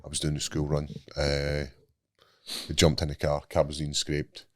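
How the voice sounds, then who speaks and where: A man's voice: very deep voice, moderate pace, no room sound, clean studio sound. A man in his thirties with a Scottish accent, co-hosting a podcast and telling stories in casual, sweary chat. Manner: swearing, storytelling, animated asides. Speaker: podcast co-host. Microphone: studio mic.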